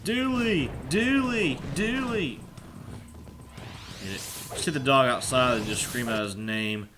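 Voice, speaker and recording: A man doing casual let's play commentary at home, rambling and chatty, sometimes yelling at the game. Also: lowish voice, moderate pace, noisy background. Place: apartment room at home with thin walls. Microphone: desk microphone. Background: video game music.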